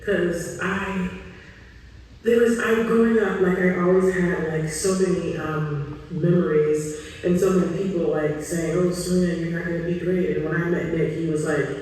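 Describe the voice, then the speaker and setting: A woman sharing a heartfelt tribute to her former coach, telling an animated story with many fillers. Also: on the low side, measured pace, very echoey, long reverb tail, far from the mic, rough recording. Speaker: former student paying tribute.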